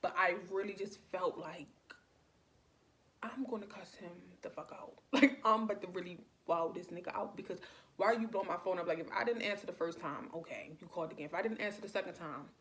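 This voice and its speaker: Young woman vlogger, lowish voice, chatty storytime delivery, loose and filler-heavy, faint background hiss. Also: fast talker. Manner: chatty, many "like" fillers, animated retelling. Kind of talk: casual storytime.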